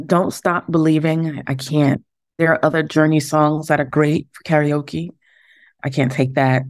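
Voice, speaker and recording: A woman's voice: low voice, steady tone, normal speed, dry recording, clean studio sound. A woman, chatting candidly as a podcast guest in an easygoing, self-deprecating way. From the Bronx, New York. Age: late 30s. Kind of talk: casual interview chat.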